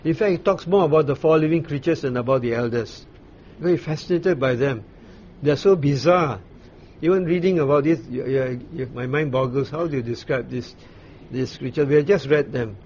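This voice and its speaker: A man leads a Bible study, walking his listeners through scripture at an unhurried, searching pace with frequent pauses. His voice sits in an ordinary middle register. The recording is dull and lo-fi, with a faint hiss beneath it. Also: mid-range voice, a little mellow. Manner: unhurried explaining with frequent fillers and restarts. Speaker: Bible teacher.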